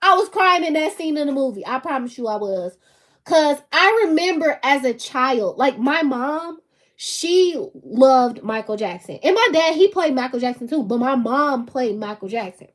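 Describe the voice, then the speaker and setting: A woman's voice: high-pitched, expressive, normal speed. A woman, hosting her own channel and talking casually and emphatically to camera, laughing often. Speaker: channel host.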